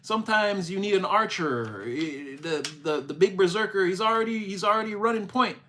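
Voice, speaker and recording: Young guy with a slightly high voice, streaming a loose, rambling spiritual reading. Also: animated, normal speed, bright, forceful tone. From Canada. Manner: rambling, repeats himself, exclaims "wow". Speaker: livestream spiritual reader. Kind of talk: casual livestream reading and chat.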